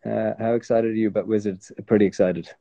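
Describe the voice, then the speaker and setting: A man's voice: fairly low pitch, fast talker, creaky. An Irish man who is a guest actor, chatting casually and rambling with lots of restarts. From Ireland. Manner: rambling, self-correcting, relaxed. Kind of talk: casual chat.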